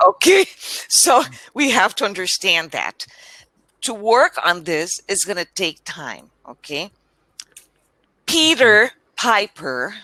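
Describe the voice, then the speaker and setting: Slow-spoken, bright-voiced woman tutor. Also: lowish voice, expressive, dry recording. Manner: patient, encouraging, slow careful enunciation. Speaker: English tutor. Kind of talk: online one-on-one language lesson. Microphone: video call.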